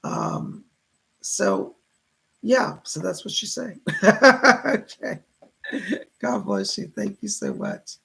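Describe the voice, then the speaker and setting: A man hosts live psychic readings, reading out viewers' messages and passing on what the spirits tell him. His voice is heavily gravelly and rough with rasp. His pitch swings widely as he talks. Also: expressive, takes it slowly, pauses often, low-quality recording. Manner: reads viewer messages aloud and relays spirit messages. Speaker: psychic reader, show host.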